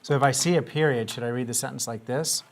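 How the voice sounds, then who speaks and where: A man's voice: mid-range voice, fast. A man teaching a grammar lesson to young students, patiently asking questions and coaxing answers.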